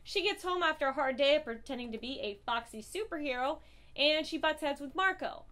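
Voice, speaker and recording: High-voiced woman ranting about comics. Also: lively intonation, fairly quick, fairly bright tone. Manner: profane, impassioned and blunt. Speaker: comic book reviewer. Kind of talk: casual review vlog.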